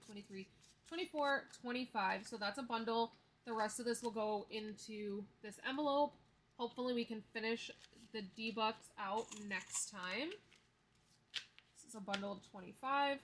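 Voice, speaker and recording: A woman's voice: a little high, fairly bright tone, a little hiss or hum. A woman in her thirties chatting casually to camera as she counts cash, telling stories with easy laughs. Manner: chatty storyteller, counts bills aloud, laughs easily. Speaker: budgeting vlogger.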